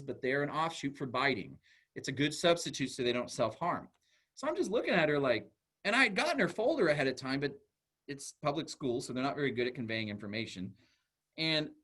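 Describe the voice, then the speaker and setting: Animated man telling a classroom story. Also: fairly high pitch. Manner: earnest, halting restarts, animated storytelling. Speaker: school psychologist giving a talk. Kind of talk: storytelling presentation.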